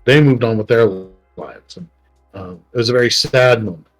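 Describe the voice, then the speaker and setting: Middle-aged man, rambling storyteller, emotional, soft music under. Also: medium pitch, expressive, normal speed. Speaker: podcast co-host. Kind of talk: casual storytelling chat.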